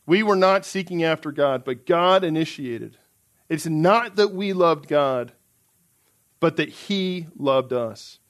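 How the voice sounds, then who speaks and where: A man's voice: fairly high pitch, lively intonation, slow pace. A man preaching a sermon in an earnest, emphatic way, reading out scripture passages.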